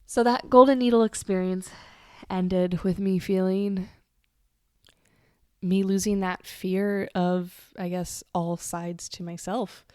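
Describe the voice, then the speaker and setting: A woman's voice: medium pitch, fairly even intonation, takes it slowly, mellow, clear, resonant tone, no echo, studio quality. A woman hosting a podcast, telling a personal story in a candid, confessional way, swearing casually and wandering off on side tangents. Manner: rambling with side tangents and restarts. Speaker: podcast host.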